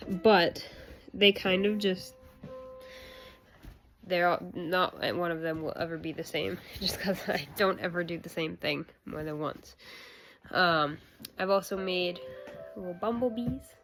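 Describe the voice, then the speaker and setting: A woman's voice: lowish voice, rough recording. A young woman chatting casually in a home craft vlog, rambling with lots of fillers and breaking off to play with her baby. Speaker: vlogger, crafter. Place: home room. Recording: home video with steady noise.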